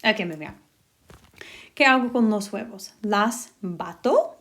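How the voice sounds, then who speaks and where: A woman's voice: mid-range voice, expressive, a little fast, vocal fry, bright, forceful tone. A woman teacher walking through a recorded lesson step by step, upbeat and encouraging.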